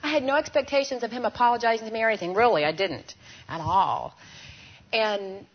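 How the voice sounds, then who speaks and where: A woman giving a storytelling sermon to a women's gathering, animated and conversational, often asking the audience questions. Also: fairly high pitch, fairly quick. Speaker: speaker addressing a women's gathering. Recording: muffled lo-fi recording with faint hiss.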